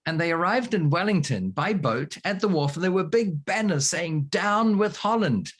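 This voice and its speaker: A man's voice: a little high, expressive, moderate pace, husky. A man in his sixties from New Zealand with a New Zealand accent, telling wry stories as an interview guest over a remote call. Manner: wry, anecdotal. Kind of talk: storytelling interview answers.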